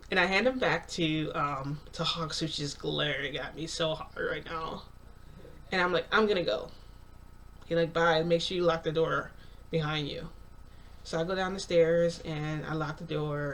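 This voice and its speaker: A woman's voice: sits low, a bit bright, a little hiss or hum. A young woman vlogger retelling a story to her viewers in a chatty, rambling way, quoting what people said. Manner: chatty, filler-heavy retelling with quoted dialogue.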